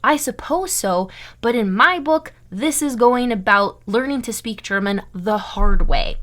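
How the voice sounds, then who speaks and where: A woman's voice: fairly high pitch, a bit bright. A young American woman from Iowa teaching a German lesson online, emphatic and often checking in with "okay?" and "right?". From United States (Iowa).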